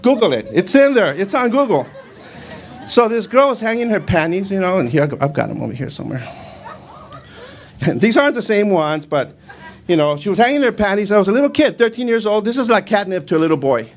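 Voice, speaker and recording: A man in his fifties doing a stand-up comedy set on a club stage, rambling in a deadpan way with lots of fillers. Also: high voice, fairly quick. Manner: rambling, deadpan delivery with frequent fillers, breaks into shouted Spanish quotes.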